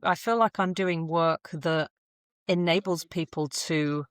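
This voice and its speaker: A woman's voice: fairly low pitch, slow pace, smooth, dry recording, studio quality. A woman in her forties, a podcast guest telling frank stories with blunt humour and laughs. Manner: blunt, animated storytelling with laughs. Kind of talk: candid conversational interview.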